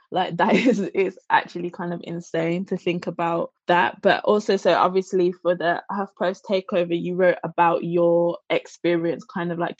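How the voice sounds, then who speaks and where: A woman's voice: on the low side, dry recording. A woman interviewing a guest in a chatty, casual way with many fillers. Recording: dull dry lo-fi sound.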